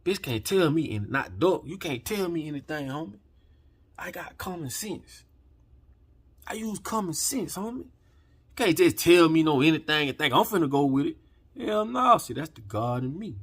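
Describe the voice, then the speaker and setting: Man, husky, fired-up profane rant, fairly high voice. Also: animated, moderate pace. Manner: heated, profane, preachy, swings from quiet to shouting. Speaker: channel host. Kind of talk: impassioned rant to camera.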